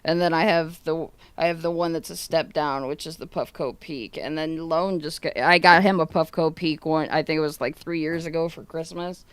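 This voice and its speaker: A woman's voice: sits low, fairly even intonation, normal speed, hardly any pauses, smooth, no room sound. A woman streamer chatting casually on a livestream, swearing a lot and retelling what family and chat said. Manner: laughing, swearing, retelling chats with friends and family. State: coughing.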